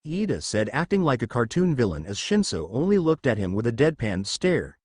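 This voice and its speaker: A man narrating a fan fiction story in a lively reading voice. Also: medium pitch, a little fast, hardly any pauses, husky, dry recording, clean studio sound. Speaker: fanfic reader.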